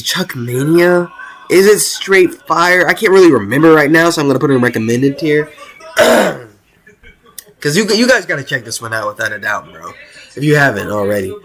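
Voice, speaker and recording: Excitable young man rambling about rankings. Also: medium pitch. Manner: excited, rambling, with many restarts and slang. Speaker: video host ranking cartoon episodes. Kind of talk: casual tier-list commentary.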